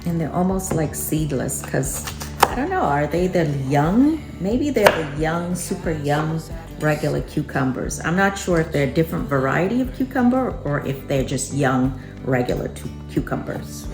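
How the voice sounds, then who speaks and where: A woman's voice: sits low, sing-song, normal speed. A woman hosting a cooking vlog, chatting and reflecting to herself as she chops in her home kitchen. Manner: chatty and reflective, talks to herself while chopping. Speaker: vlog host. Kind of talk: casual cooking chat. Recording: echoey room with background music. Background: background music.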